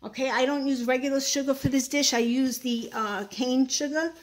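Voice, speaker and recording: A woman's voice: high-pitched, steady tone, normal speed, a little hiss or hum. A woman with a Brooklyn accent, chatting casually through a home cooking demonstration in her kitchen, opinionated and full of fillers. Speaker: home cook. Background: clattering dishes and utensils.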